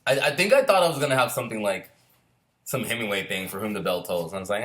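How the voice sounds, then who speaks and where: Middle-aged man, former Marine, rambles through casual stories. He swears freely and restarts his sentences often, and his pitch swings widely up and down. His voice sits at an ordinary middle height. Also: sing-song, fast, fairly bright tone. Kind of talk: casual storytelling chat.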